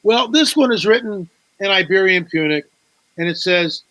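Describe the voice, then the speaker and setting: A man's voice: high voice, animated, moderate pace, bright, forceful tone, no echo, rough recording. A man, a guest author on a talk show, telling a story with animation, repeating words and acting out quoted dialogue.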